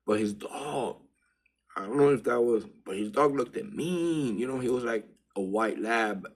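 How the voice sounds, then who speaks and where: A man casually telling a personal story in loose street slang, dropping to a hush and then rising with excitement. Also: medium pitch, moderate pace, husky. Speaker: vlogger. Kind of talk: casual spiritual storytelling monologue.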